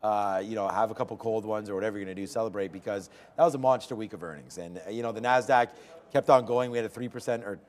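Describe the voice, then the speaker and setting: A man's voice: on the low side, fast. A man hosting a live day trading show from a studio trading floor, chatting casually about trades with loose fillers. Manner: loose and laughing, lots of fillers.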